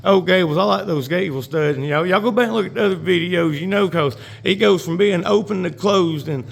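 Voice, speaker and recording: A middle-aged man with a Southern US accent talks to his viewers at an outdoor building site, filming himself on a phone camera. His voice sits a little high, and his throat sounds slightly dry. His talk is easygoing and folksy, and he calls his audience y'all. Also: brisk, creaky, soft background music. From North Georgia. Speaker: builder and vlogger. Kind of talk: casual chat to camera. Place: outdoors at a house construction site.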